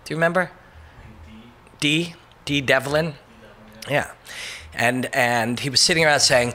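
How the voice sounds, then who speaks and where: A male host talks through a casual motivational monologue in a bright, forceful voice. He rambles and swears often and stays emphatic throughout. His pitch is average for a man. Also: unhurried, pauses often. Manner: breaks into brief mocking voices for quotes.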